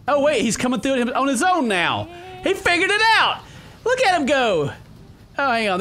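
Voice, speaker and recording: Goofy excitable man playing a game. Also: high-pitched. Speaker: gaming video host. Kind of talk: game commentary.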